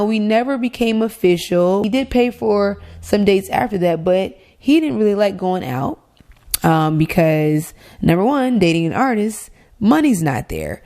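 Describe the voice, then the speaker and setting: A woman hosting her own show, telling a dating story in a candid, animated way and swearing freely. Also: lowish voice. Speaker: podcast host. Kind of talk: casual storytelling. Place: Los Angeles.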